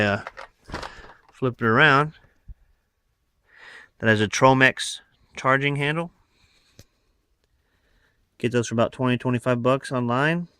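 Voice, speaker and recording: Here a man shows off his rifle add-ons on a phone video, casually rambling and winded, with lots of fillers and digressions. His mid-range voice has a fairly bright, clean tone, studio quality with no echo.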